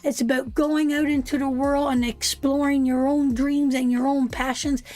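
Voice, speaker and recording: A woman's voice: high voice, little pitch movement, moderate pace, a little mellow. A woman giving a live tarot reading. She is soothing and emphatic, keeps calling the listener sweetheart, and swears now and then. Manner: soothing, repeats "sweetheart" often, emphatic and earnest. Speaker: tarot reader.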